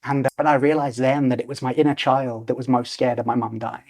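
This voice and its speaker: A man's voice: mid-range voice, little pitch movement, quick pace, darkish tone. A man in his forties, a podcast guest telling a personal story animatedly and acting out the voices in it. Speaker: podcast guest, lucid dreaming teacher.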